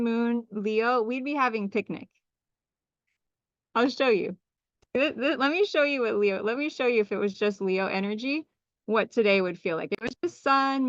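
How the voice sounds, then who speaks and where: An enthusiastic woman leads a live group call, teaching with a lively, questioning manner. Her voice comes through a computer mic, a little dull and lo-fi, with a dry, close sound. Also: fairly high pitch, no room sound. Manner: enthusiastic, animated, asks many questions. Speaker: astrology teacher.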